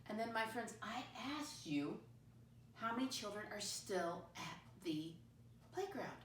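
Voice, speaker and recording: A patient woman teaching young children in a classroom, slowly spelling words out letter by letter. Her voice sounds roomy and sits a little away from the mic. A faint hum of background noise runs underneath. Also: mid-range voice, lively intonation, distant mic. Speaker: first-grade teacher.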